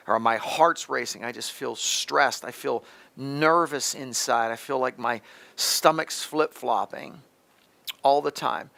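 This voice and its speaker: A man's voice: mid-range voice, gravelly, pushed and bright. A middle-aged man hosting a health advice talk, speaking emphatically and straight to the listener, often restarting his sentences. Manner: emphatic, repetitive restarts, talks directly to the listener. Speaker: host, pharmacist.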